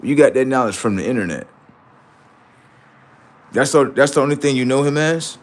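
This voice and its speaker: A man's voice: medium pitch, expressive, normal speed. A man hosting a livestream, talking in heated banter with a mocking, argumentative, slang-heavy manner and heavy swearing. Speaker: livestream host.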